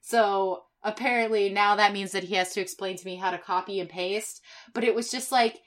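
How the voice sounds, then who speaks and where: A woman's voice: mid-range voice, fairly even intonation, a little fast. A young woman co-hosting a podcast, telling stories in a heated, profane, casual chat full of fillers. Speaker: podcast co-host.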